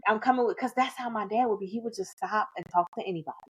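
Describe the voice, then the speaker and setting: A woman with a mid-range voice tells a story as a podcast guest. Her delivery is chatty and animated, full of casual asides. It sounds like easy talk between friends. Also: medium pitch, quick pace, breathy edge. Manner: animated, chatty anecdote-telling.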